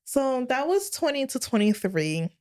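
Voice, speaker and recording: A woman in her late twenties, co-hosting a podcast and telling her own story in candid casual chat, with big expressive swings in her voice. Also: high-pitched, measured pace. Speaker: podcast co-host.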